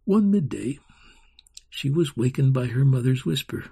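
Slow gravelly man reading a story. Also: medium pitch, a little mellow. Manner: slow, dramatic storytelling with sung-out carnival sounds. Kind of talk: scripted narration.

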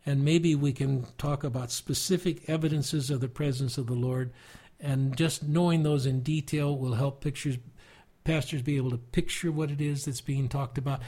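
An older American man, a preacher, telling stories earnestly and reflectively in conversation, with halting restarts and soft chuckles. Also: mid-range voice. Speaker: guest preacher.

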